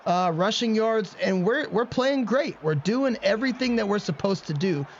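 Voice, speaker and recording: A man hosting let's-play commentary of a video game, excitable and quick to rant at himself in frustration. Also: high voice. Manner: excitable, swings into frustrated self-mocking rants. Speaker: gaming channel host. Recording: muffled lo-fi audio with faint background noise.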